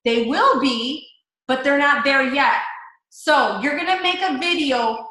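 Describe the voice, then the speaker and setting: A woman's voice: high-pitched, animated, unhurried, pushed and bright, heavy reverb, poor audio. A woman in a chatty, upbeat coaching talk on a live video call, speaking straight to her team. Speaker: network marketing coach.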